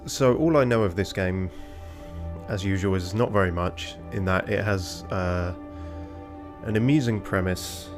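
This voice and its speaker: A man casually commenting while streaming a game, dry and self-mocking with frequent pauses and fillers. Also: low voice, over music. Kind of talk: casual let's-play commentary.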